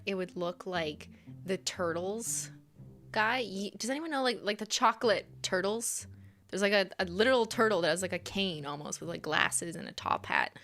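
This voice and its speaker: A woman's voice: mid-range voice, bright, forceful tone. A woman streamer chatting casually and rambling while playing a game, laughing often.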